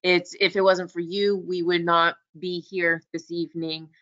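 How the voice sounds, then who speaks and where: A woman's voice: fairly low pitch, flat delivery, unhurried, fairly bright tone. An upbeat woman hosts a live webinar in a chatty, enthusiastic way. Her voice has a slightly dull, lo-fi sound. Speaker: webinar host.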